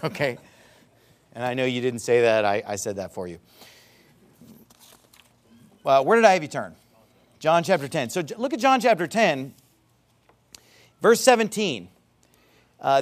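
Guy preaching a sermon, kinda high voice that jumps all over, repeats himself a lot for emphasis. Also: a bit bright. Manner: calls a congregation member up for a live illustration. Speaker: pastor.

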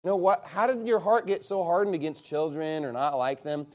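A man with a fairly high voice, preaching to his congregation as their pastor. He talks emphatically and swings his pitch widely, now and then breaking into loud outbursts. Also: steady tone, a little fast. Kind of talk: sermon.

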